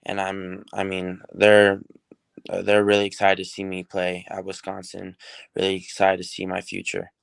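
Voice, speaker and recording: A teenage football recruit from New Mexico, answering interview questions in an upbeat, rambling way with many fillers. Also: male voice, low voice, completely flat delivery, moderate pace, creaky, clean tone, no room sound. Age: teens.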